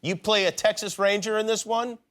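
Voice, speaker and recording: A middle-aged man hosting a late-night talk show, prompting his guest with quick questions. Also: high-pitched, steady tone, a bit bright. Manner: quick, prompting interviewer who laughs along.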